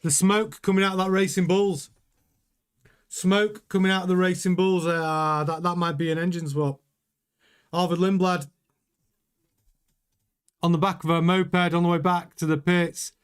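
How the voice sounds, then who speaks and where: A man with a somewhat high voice runs a casual live watchalong stream. He chats loosely with his viewers, rambling and cutting himself off to restart sentences as he reacts to the action. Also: level tone, a little slow, pauses often, clean tone. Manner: chatty, rambling, self-interrupting. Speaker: livestream host reading chat.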